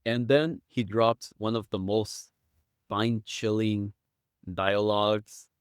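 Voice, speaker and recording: A man's voice: fairly low pitch, steady tone, takes it slowly, smooth, dry recording, clean studio sound. A man guesting on a podcast, chatting casually and acting out quotes with enthusiasm. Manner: enthusiastic storyteller, acts out quotes.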